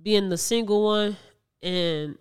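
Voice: mid-range voice, slow, smooth. A young adult podcast co-host in casual chat, telling stories with frequent laughs and mid-sentence restarts.

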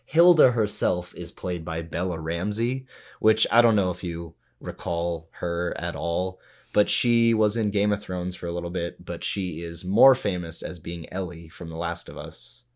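A man's voice: sits low, a little slow, a little mellow. A man co-hosting a podcast in casual chat, rambling and explaining at length, often laughing. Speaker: podcast co-host.

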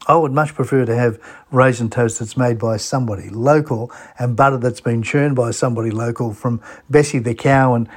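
Husky, enthusiastic Australian man. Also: medium pitch. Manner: enthusiastic, full of rhetorical questions. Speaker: radio host. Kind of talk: chatty travel radio talk.

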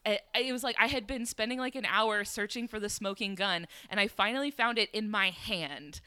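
A woman guest on a podcast, telling a story in casual chat, animated and laughing often, with many fillers. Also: mid-range voice, normal speed, a little hiss or hum. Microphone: home podcast microphone.

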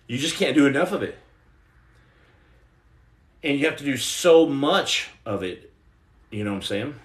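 Speaking a little slowly in a mid-range voice with lively intonation, a Texas man hosts a podcast from a roomy space. He reads viewer comments during a casual livestream chat, drifting into digressions and repeating "you know what I'm saying" often.

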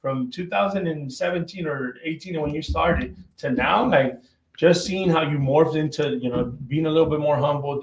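A man speaking as a podcast guest, a company founder giving blunt, profane, emphatic advice in casual conversation. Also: a little high. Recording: roomy echo.

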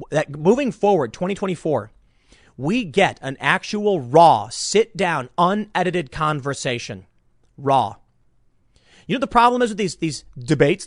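A man giving casual political commentary in an animated, rambling way, often restarting his sentences. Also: fairly high pitch, no echo, studio quality.

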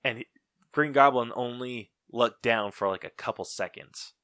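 A man's voice: medium pitch, normal speed, sharp tone, dry recording, clean studio sound. A man co-hosting a podcast in casual chat, ranting with profanity and mockingly acting out movie lines. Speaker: podcast co-host.

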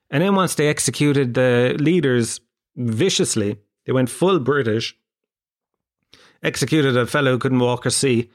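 Casting: young man, stand-up comic, rambling and sweary, self-mocking, mid-pitched voice. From Ireland. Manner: rambling, profane, self-deprecating. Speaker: stand-up comedian. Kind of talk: stand-up comedy storytelling.

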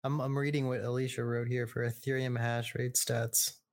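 A man's voice: medium pitch, level tone, moderate pace. A man from Mexico co-hosting a podcast in casual chat, with dry remarks and frequent laughs. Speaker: podcast co-host.

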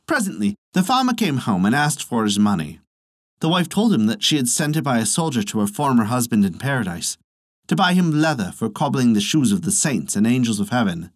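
A man narrating a folktale in a measured, expressive storytelling manner. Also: mid-range voice, no room sound, clean studio sound.

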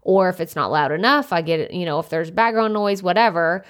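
A young adult woman hosting a solo podcast, chatty and naturally loud, speaking into a desktop USB microphone with many casual fillers. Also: fairly low pitch, expressive, brisk. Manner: chatty, lots of "like" fillers, self-described loud. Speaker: podcast host.

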